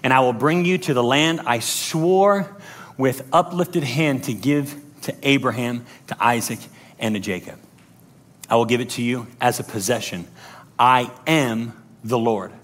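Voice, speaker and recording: A man voicing the Lord in a sermon, speaking slowly, gravely and with command. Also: medium pitch, fairly bright tone, pitched below the performer's own voice, lightly acted. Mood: solemn. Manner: slow, solemn and grave. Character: the Lord, solemn commanding male divine voice.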